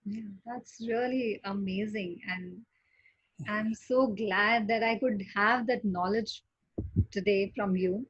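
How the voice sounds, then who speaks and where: Husky woman host, hesitant and encouraging. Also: medium pitch, fairly even intonation, slow, a bit bright, dry recording, dull audio. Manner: hesitant, many fillers, encouraging. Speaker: podcast host. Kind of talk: interview questions.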